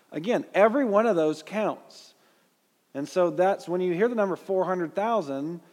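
A man's voice: fairly high pitch, darkish tone, big-room sound. A man with a Southern US accent teaching a Bible class in a conversational way, putting questions to his listeners. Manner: conversational, asks the audience questions.

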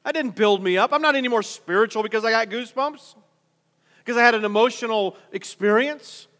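A man's voice: very high-pitched, fairly quick, fairly bright tone, in a large hall. A male pastor preaching a conversational sermon, full of rhetorical questions and repeated restarts.

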